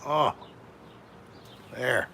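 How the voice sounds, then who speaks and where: A man's voice: extremely slow, bright, forceful tone, slight background noise. A man hosting a casual live stream from home, chatting with viewers and reading out their names one by one. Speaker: livestream host.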